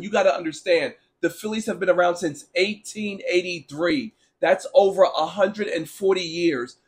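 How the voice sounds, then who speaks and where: A man with a notably high voice and a sore throat holds forth on sports, blunt and sarcastic. He talks slowly and deliberately, leaning on words for effect while answering his live chat. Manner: blunt, animated, sarcastic ranting. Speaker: sports talk show host. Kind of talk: casual opinionated sports talk, reading live chat.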